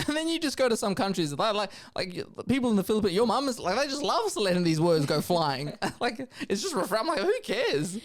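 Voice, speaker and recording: A young man co-hosting a podcast in casual chat, rambling and joking, laughing often and jumping between mumbles and loud bursts. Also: sits high, sing-song, a little fast, few pauses. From Australia. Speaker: podcast co-host.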